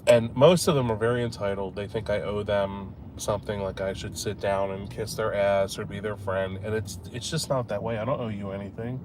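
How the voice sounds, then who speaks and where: A man's voice: on the low side, fairly even intonation, brisk, few pauses. A man vlogging as he walks outdoors, chatting casually in a rambling, cynical way, with lots of swearing and filler words. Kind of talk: casual chat. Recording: loud street noise. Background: traffic and street noise.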